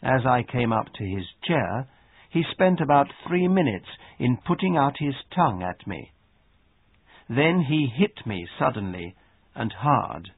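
A man reading a story and dialogues aloud for an English lesson, measured and expressive. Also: medium pitch, slightly rough, dry recording. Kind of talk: slow read-aloud narration. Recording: dry phone-like sound.

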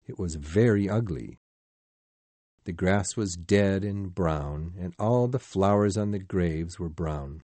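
A man reading a storybook aloud in a slow, measured, expressive way. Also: lowish voice, dry recording. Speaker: narrator.

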